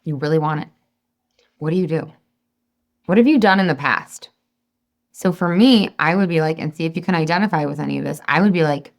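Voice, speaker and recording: Chatty encouraging woman coach, lowish voice. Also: fairly quick, gravelly, pauses often. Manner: chatty and encouraging, acts out her own inner voice. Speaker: weight loss coach. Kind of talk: webinar talk to an audience.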